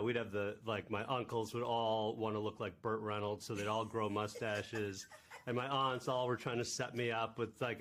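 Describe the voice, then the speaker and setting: A man, a film director, answering interview questions in an easygoing, rambling way. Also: mid-range voice.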